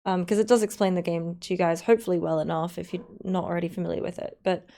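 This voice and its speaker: A woman's voice: on the low side, fairly even intonation, quick pace, vocal fry, mellow. Chatty Australian woman streaming. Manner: rambling, giggly and chatty. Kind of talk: casual live-stream chat.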